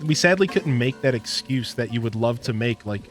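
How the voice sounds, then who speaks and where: Man, gaming streamer; loose, rambling storyteller, mid pitch, soft game music behind. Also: expressive, moderate pace. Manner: rambling storyteller, lots of fillers and laughs. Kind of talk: casual gameplay commentary.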